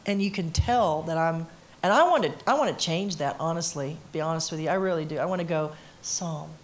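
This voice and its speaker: Middle-aged woman, singer as panel guest, emphatic storyteller, lowish voice. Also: fast talker. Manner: emphatic, animated storyteller who acts out quotes. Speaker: interviewee, singer. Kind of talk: candid conversation on a panel. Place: conference stage before an audience.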